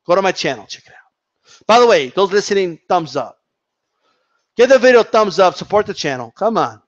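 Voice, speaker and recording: A man's voice: high-pitched, sing-song, brisk, dull audio. A man hosting his own boxing channel, ranting casually with lots of swearing, repetition and mockery. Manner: profane, repetitive, mocking. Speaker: boxing commentator, channel host. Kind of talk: casual rant to camera.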